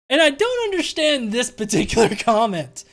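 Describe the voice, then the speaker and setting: A young man hosts a casual live stream, reading viewer comments aloud and reacting with sarcastic laughter. His talk is loose and profane, broken up by chuckles and throat-clearing. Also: very high voice, very animated, normal speed, fairly bright tone. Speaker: show host.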